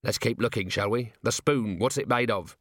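A man voicing a sharp, driven veteran police commander in an audiobook, talking briskly and firing probing, rhetorical questions. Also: on the low side, dry recording, clean studio sound, close to an everyday voice. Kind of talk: audiobook character voice.

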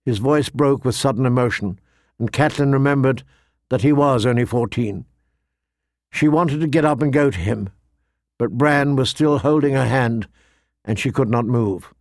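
A man narrating an audiobook in a measured, somber storytelling manner. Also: medium pitch, no echo, clean studio sound. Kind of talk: scripted narration.

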